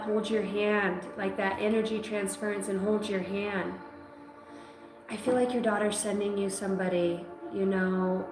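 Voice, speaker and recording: Woman doing a psychic reading, emotional and halting, echoey room with music behind. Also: mid-range voice. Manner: emotional, halting, breaks off mid-sentence. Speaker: psychic reader. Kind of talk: live intuitive reading. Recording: roomy sound with music behind.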